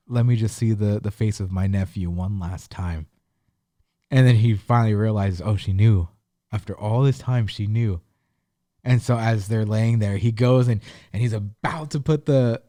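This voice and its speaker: Male co-host, low mellow voice, dry close sound, earnest detailed storyteller. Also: no room sound. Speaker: podcast co-host. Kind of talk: casual chat.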